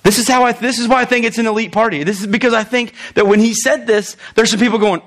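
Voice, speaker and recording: A pastor with a very high, steady-toned, slightly bright voice preaches fast in a loose, conversational sermon. He reads scripture, acts out the voices of the people in it, and chuckles along the way.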